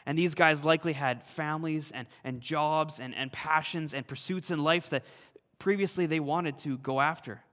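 A man's voice: a little high, steady tone, moderate pace, few pauses, fairly bright tone, big-room sound. A man, a pastor, preaching a sermon with earnest, emphatic delivery.

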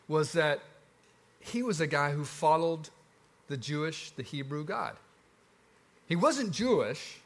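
Speaking in a fairly high voice, a Southern pastor relates his sermon's story casually, as if in conversation, his tone lively and full of ups and downs.

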